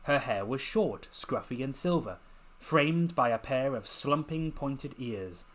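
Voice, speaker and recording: A man narrating his own fantasy novel in a measured, dramatic reading, lingering over descriptive phrases. His voice sits at a middle pitch, unhurried and deliberate. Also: lively intonation. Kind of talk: scripted narration.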